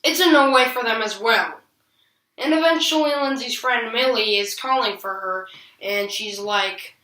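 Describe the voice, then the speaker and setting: Bright-voiced woman in an echoey room. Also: a little high, measured pace. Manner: chatty, slangy, sarcastic asides. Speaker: TV episode reviewer. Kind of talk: casual episode recap. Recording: roomy echo, distant from the mic.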